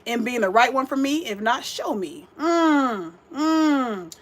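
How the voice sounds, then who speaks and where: A young vegan cooking host chats with her livestream viewers while she cooks, sassy and direct. Her fairly high voice is expressive and fairly bright, moving a little fast.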